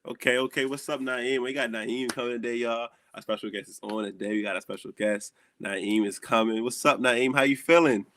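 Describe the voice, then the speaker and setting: A young man with a Southern American accent, hosting a casual chat and acting out stories with animated dialogue. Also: medium pitch, fairly quick, hardly any pauses, no echo. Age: young adult. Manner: animated storytelling, acts out dialogue. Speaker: host.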